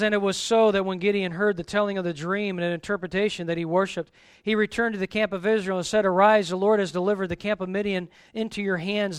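A male pastor preaching a sermon, animated, acting out the lines of the Bible's figures. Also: sits high, clear, resonant tone, no room sound, clean studio sound.

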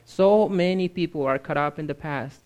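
A man's voice: a little high, moderate pace, a little mellow. A man from Mexico preaching a sermon as a missionary in a church, earnest and emphatic, repeating his key phrases.

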